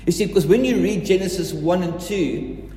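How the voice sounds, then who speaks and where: A man delivers a sermon in a slightly raised pitch, hammering home his points by repeating phrases. His voice rings through a large hall with a long, echoey tail. Faint room ambience sits behind him. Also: normal speed, mellow, slight background noise. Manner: emphatic, repeats key phrases. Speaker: preacher.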